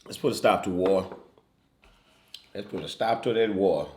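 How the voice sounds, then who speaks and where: A man with a western Louisiana accent in a relaxed, drawling couples chat, full of fillers. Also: low-pitched, moderate pace. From Louisiana, USA. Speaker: co-host, partner. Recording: echoey room.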